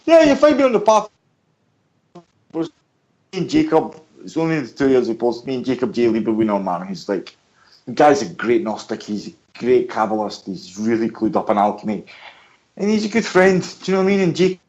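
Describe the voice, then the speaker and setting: A man from the United Kingdom, a guest on a radio interview, talks in an animated, rambling way and explains things by asking questions. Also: medium pitch, brisk, muffled recording. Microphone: headphones and mic at home.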